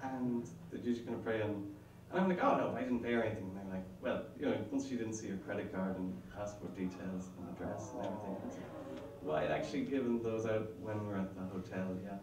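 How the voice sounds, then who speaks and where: A man's voice: lowish voice, fast talker, echoey room, distant mic, background noise. Chatty man telling a live story. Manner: chatty, self-mocking, laughing between lines. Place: stage before a live audience.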